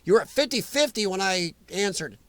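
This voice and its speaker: A middle-aged man chats casually as a livestream host. His voice sits high for a man and is recorded dry and close. He jokes, teases and answers commenters in a loose, rambling way. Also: animated, fairly quick, fairly bright tone, no echo. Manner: joking, teasing, talks back to chat comments. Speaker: livestream host reading chat. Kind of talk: casual live chat.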